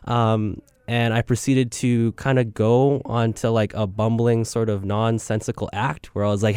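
Young male podcast host, lowish smooth voice, rambling and self-deprecating, close dry mic. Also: flat delivery, unhurried, few pauses, darkish tone, dry recording. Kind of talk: casual spoken intro.

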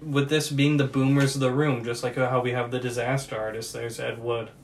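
A man's voice: mid-range voice, level tone, fairly quick, slight background noise. A man co-hosting a podcast, rambling casually with lots of fillers about a bad movie. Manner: rambling, filler-heavy storytelling. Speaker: podcast co-host. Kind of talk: casual movie review chat.

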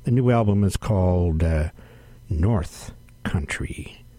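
A man hosting a radio music show from a studio, announcing tracks in an unhurried way with frequent "uh" fillers. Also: deep voice, mellow, dry recording. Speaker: radio host.

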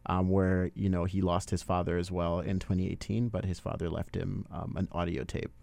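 A man's voice: low voice, level tone, moderate pace, vocal fry, darkish tone, no echo. A man casually chatting about a movie with friends, rambling with many fillers. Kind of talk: casual movie review chat.

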